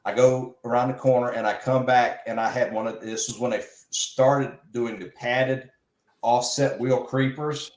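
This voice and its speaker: A man telling a casual shop story, animated and mimicking the people he quotes. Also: mid-range voice, moderate pace, echoey room, poor audio.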